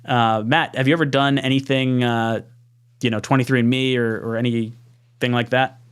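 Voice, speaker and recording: A man's voice: mid-range voice, steady tone, normal speed, clean tone. A man hosting a podcast, chatting casually, laughing easily and reading out viewer comments. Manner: laughing, easygoing. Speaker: podcast host. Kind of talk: casual chat, reading live chat.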